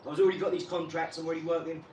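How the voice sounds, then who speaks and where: A man's voice: on the high side, level tone, very fast, darkish tone. A man, talking bluntly and rambling in a casual vlog, swearing and then apologizing. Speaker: channel host. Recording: echoey room, far from mic, clear background noise.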